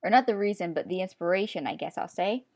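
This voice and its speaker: A woman's voice: on the low side, expressive, fast talker, darkish tone. A young woman talking casually and at length while she draws, chatty and self-mocking, often breaking into laughs. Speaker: art YouTuber. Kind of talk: rambling casual commentary while drawing. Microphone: computer screen-recording voice-over.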